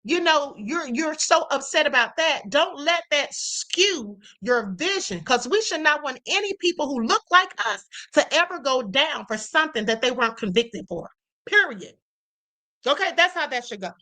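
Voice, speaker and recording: A woman's voice: high voice, lively intonation, moderate pace, bright, forceful tone. A young woman hosting a live stream, reading viewer comments and speaking emphatically about justice. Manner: emphatic, preachy, reads comments aloud.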